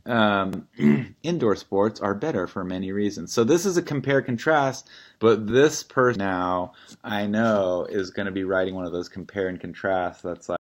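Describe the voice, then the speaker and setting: A man with a very low voice teaches in a relaxed, conversational way, walking through a student essay in a recorded lecture. He is wry and plainspoken and clears his throat now and then. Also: highs cut off.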